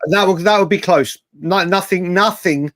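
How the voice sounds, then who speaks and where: A man's voice: high-pitched, moderate pace, fairly bright tone, no room sound, studio quality. A man co-hosting a casual football chat show, rambling with lots of restarts and the odd swear word. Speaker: podcast co-host.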